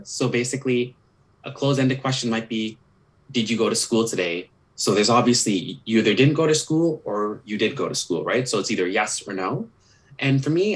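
Young man, counselor, earnest explainer, medium pitch, podcast talk. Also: low-quality recording. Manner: earnest, explains with examples, many "sort of" and "kind of" hedges.

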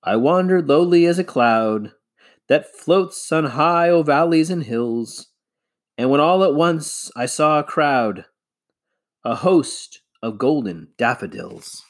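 A man's voice: fairly high pitch, wildly swooping pitch, measured pace, breathy edge, voice pushed up, heavily acted. Father, a man doing a musing dad. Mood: reciting.

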